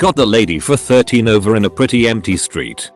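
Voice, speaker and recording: Man reading scripted story narration with a lowish voice that swings widely in pitch, lively storytelling delivery, faint music playing underneath. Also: a little fast.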